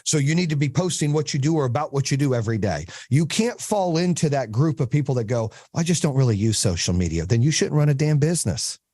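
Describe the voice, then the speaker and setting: A man's voice: on the high side, lively intonation, quick pace, hardly any pauses, warm tone, dry recording. A man hosting a podcast, coaching a small group on business in a blunt, profane, storytelling way.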